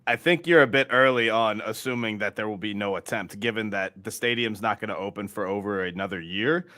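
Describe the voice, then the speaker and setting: A man's voice: on the low side, fairly quick, bright, forceful tone, no room sound, studio quality. A man co-hosting a fan football show, talking in an emphatic, opinionated way. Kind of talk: casual football chat.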